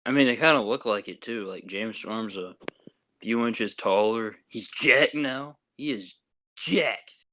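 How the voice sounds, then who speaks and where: A man's voice: lowish voice, a little slow, pushed and bright. A young man co-hosting a casual podcast, chatting loosely in laid-back, rambling banter. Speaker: podcast co-host. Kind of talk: casual chat.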